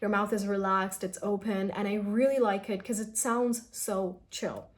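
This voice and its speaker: A woman's voice: medium pitch, fairly even intonation. Young woman from india, casual pronunciation teacher, chatty, stretches out example sounds. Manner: chatty, drawn-out demonstration of sounds. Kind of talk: casual spoken-English lesson.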